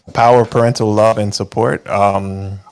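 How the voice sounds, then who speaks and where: Low-voiced man for a podcast co-host, unhurried and thoughtful. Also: background noise. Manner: calm and measured, thinks aloud with hesitations. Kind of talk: casual podcast chat.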